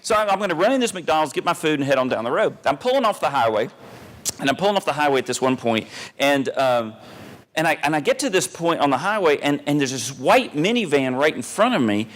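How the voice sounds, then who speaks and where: A man telling a self-mocking comic story on stage, animated and full of pauses and restarts. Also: a little high. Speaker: humorous keynote speaker.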